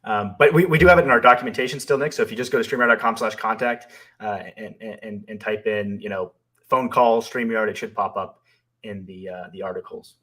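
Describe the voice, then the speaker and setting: A man's voice: fairly low pitch, brisk, sharp tone. A man co-hosting a live stream, reading viewer questions aloud and answering them in a thoughtful, hesitant way with many fillers. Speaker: co-host and company founder.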